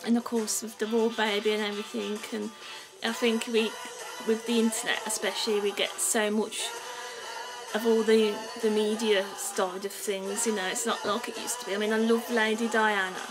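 A woman's voice: medium pitch, flat delivery, normal speed, rough recording. Giggly Brummie woman rambling over music. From England. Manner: rambling, giggly, loses her thread. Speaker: vlogger. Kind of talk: casual chat to camera. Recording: clear music playing behind her.

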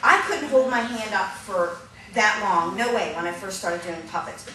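A woman leading a hands-on puppetry workshop, energetic and upbeat, laughing often and counting the group along. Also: mid-range voice, moderate pace. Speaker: puppetry instructor. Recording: echoey room from a distance, noisy.

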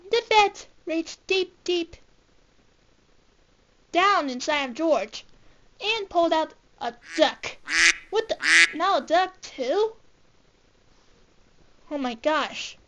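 A woman reading a picture book aloud, slowly and haltingly, restarting words, on a dull lo-fi recording. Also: high-pitched. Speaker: storybook reader.

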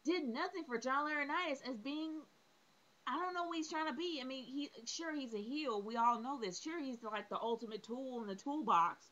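A woman's voice: sits high, moderate pace, a bit bright, lo-fi sound. A woman reviewing a wrestling show, exasperated and opinionated, piling up rhetorical questions and repeating her points.

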